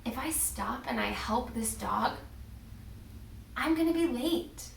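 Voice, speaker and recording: A man's voice: extremely high pitch, animated, slow, vocal fry, fairly bright tone, recorded from a distance, a little hiss or hum, full character voice. Woman doing a busy, impatient, self-important man, echoey room. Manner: impatient, dismissive.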